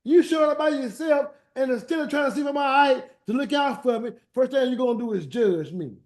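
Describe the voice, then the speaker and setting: A man's voice: very high-pitched, fairly quick, a little mellow, roomy sound, pitched above the performer's own voice. A man voicing a suffering man who protests in exasperation that he has done nothing wrong. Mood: protesting. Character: suffering, indignant man Job defending himself.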